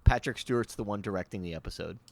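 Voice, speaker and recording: A man's voice: on the low side, quick pace, gravelly, darkish tone, no echo. A man co-hosting a podcast, chiming in casually with trivia and a few hesitant fillers. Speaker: podcast co-host. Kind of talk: casual chat.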